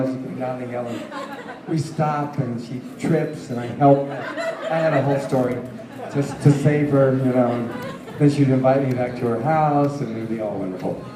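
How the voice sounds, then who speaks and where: Man laughing through stories in an echoey hall. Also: medium pitch. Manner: chatty, laughing storyteller. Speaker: convention panel guest. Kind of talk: convention Q&A storytelling. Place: convention panel room. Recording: roomy hall picked up from a distance.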